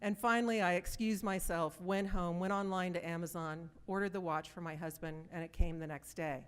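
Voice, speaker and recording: Clear-voiced woman giving a conference talk. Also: on the low side, steady tone, a little fast. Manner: conversational storytelling, direct questions to the audience. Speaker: conference speaker. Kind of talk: presentation to a live audience.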